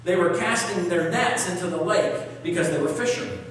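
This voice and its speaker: Male pastor, storytelling sermon delivery, high-pitched, recorded at a distance in a reverberant hall. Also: lively intonation, fairly quick, a bit bright. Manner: storytelling preacher, reads scripture aloud, asks the congregation questions. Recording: echoey hall, voice from far off.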